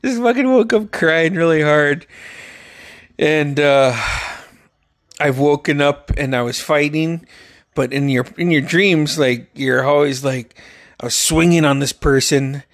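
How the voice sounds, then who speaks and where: A young man tells wild dream stories in a loose, profane monologue, acting out every quote with sudden yelps. His voice sits fairly high, and the recording is dry with no room sound. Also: unhurried, no echo. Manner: profane, animated, acts out quotes with loud yelps. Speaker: storyteller. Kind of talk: casual storytelling monologue.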